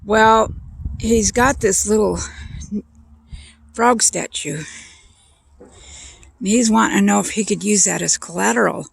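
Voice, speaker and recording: A brisk bank teller, voiced by a woman. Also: mid-range voice, creaky, slightly rough, no room sound, voice pushed up, exaggerated voice. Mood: explaining.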